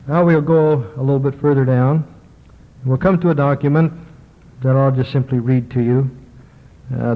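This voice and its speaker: Man lecturing in a tinny, echoing hall. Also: mid-range voice. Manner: slow, measured reading with small hesitations. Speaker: religious lecturer. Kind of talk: lecture reading ancient texts aloud. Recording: tinny lo-fi recording, long hall reverb.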